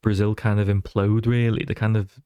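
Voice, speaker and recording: A man chatting as a podcast guest, an animated storyteller who keeps slipping into other voices. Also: fairly low pitch, moderate pace, smooth, dry recording, highs cut off. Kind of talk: casual chat.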